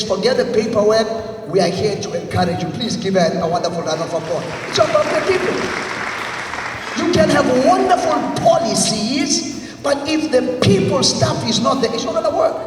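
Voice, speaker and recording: A man giving an emphatic motivational leadership talk, leading the audience in repeat-after-me lines. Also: very high voice. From South Africa. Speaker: motivational speaker. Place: large congress hall. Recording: echoey hall, voice from far off, faint music.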